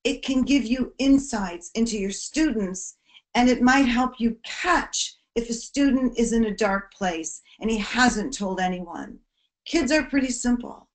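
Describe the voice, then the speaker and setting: A woman giving an earnest educational presentation to teachers on bullying prevention, her voice dropping soft at serious points. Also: fairly high pitch.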